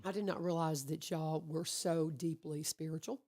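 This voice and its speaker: A woman hosting a radio show, chatting casually with her guest and telling animated stories. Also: sits low, normal speed. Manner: chatty, animated storyteller who acts out quotes. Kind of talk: casual conversational interview. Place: radio studio.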